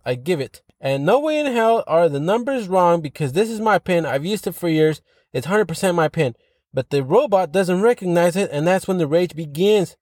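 A man's voice: a little high, expressive, normal speed, a little mellow, no room sound, clean studio sound. A man hosting a podcast, reading online posts aloud and ranting about them in a profane, sarcastic, rambling way. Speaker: podcast host.

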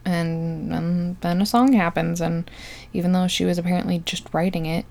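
A young woman rambles through a movie recap in a low, gravelly voice. She talks sarcastically and loosely, filling gaps with likes and ums while she mocks the plot. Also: fairly even intonation, moderate pace, darkish tone.

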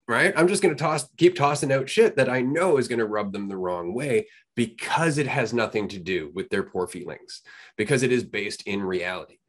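A man's voice: mid-range voice, husky. A man co-hosting a podcast in casual chat, blunt and swearing freely. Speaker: podcast co-host.

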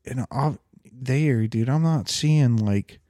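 A man's voice: medium pitch, takes it slowly, dry recording, studio quality. A man chatting casually on a podcast, rambling and swearing as he tells stories. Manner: swears a lot, rambling and animated. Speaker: podcast host. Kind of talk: casual chat.

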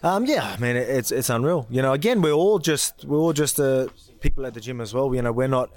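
Australian bloke, quick interview talk, humble and rambling, lots of fillers. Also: male voice, mid-range voice, expressive, a little mellow. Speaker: fighter guest. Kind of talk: casual interview chat.

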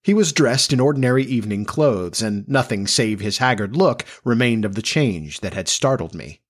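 A man narrating a classic novel in a measured, even storytelling manner. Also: medium pitch. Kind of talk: audiobook reading of a classic novel.

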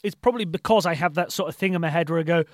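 High-voiced chatty man hosting a podcast. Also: racing, no room sound, clean studio sound. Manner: chatty storyteller, laughs often. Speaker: podcast host. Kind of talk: casual chat.

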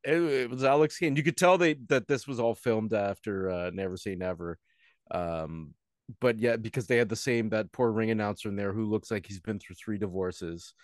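A man's voice: fairly low pitch, normal speed, dry recording, clean studio sound. Rambling male podcast co-host. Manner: rambling, with frequent fillers and restarts. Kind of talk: casual podcast chat.

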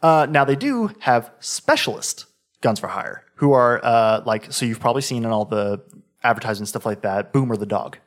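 A man's voice: mid-range voice, animated, moderate pace. A man in casual chat, describing a video game eagerly, often restarting his sentences. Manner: rambling, self-correcting, enthusiastic.

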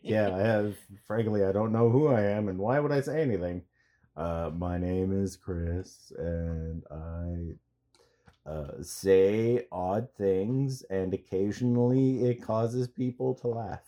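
A man co-hosting a casual podcast, cracking dry, self-deprecating jokes in halting, stop-start phrases. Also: lowish voice, mellow. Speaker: podcast co-host.

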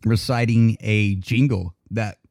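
A man's voice: on the low side, fairly even intonation, slow pace, vocal fry, a little mellow, no room sound, clean studio sound. A man co-hosting a podcast in profane, joking casual chat, laughing often. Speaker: podcast co-host.

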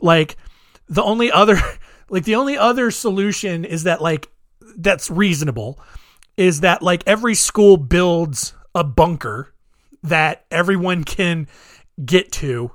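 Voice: medium pitch, unhurried, no echo, clean studio sound. A podcast host giving solo commentary in a rambling way, leaning heavily on filler words. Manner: rambling, heavy use of "like".

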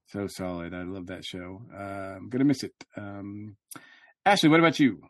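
A man's voice: lowish voice, moderate pace, dry recording, studio quality. A man hosting a podcast in casual chat, upbeat and jokey with plenty of fillers. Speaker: podcast host.

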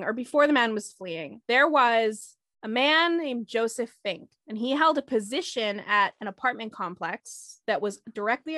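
A woman's voice: on the high side, no echo. Chatty woman telling a true crime story. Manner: animated, conversational, quick asides to listeners. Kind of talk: casual storytelling.

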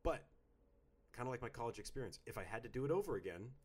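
A man in his thirties co-hosting a casual chat, playful and theatrical, swinging between quiet mumbles and loud outbursts. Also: medium pitch, animated, fast, slightly rough. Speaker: podcast co-host. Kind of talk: casual chat, reading listener notes.

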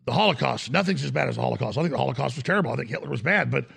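A man hosting a political talk show, ranting in a heated, forceful, rapid-fire way. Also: medium pitch, lively intonation, creaky, breathy edge.

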